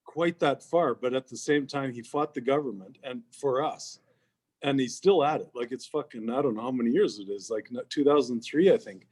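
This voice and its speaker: A man's voice: medium pitch, normal speed. A man co-hosting a casual chat, telling rambling stories and swearing constantly. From Canada. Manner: profane, animated storyteller, swears constantly. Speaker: podcast co-host.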